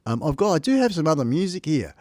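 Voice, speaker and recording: A man's voice: a little high, sing-song, fast, a little mellow, no echo, studio quality. Chatty Australian man streaming live. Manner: chatty and jokey, laughs often, talks to chat. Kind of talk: casual live stream chat. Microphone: close desk microphone. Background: faint music.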